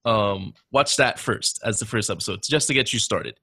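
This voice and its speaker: Bright-voiced man chatting haltingly. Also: on the low side, husky. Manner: halting, full of fillers. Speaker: podcast co-host. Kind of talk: casual chat.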